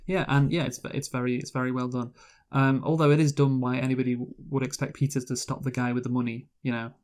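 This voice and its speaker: A man's voice: medium pitch, level tone, fast, a little mellow. A man co-hosting a casual movie review chat, rambling with lots of fillers and restarts. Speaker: podcast co-host, movie reviewer.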